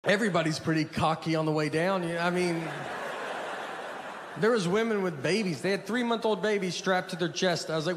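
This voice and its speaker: A man doing a stand-up comedy set, telling stories in a deadpan way with low muttered asides. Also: brisk. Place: theater stage with a laughing audience. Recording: live stage audio with audience noise.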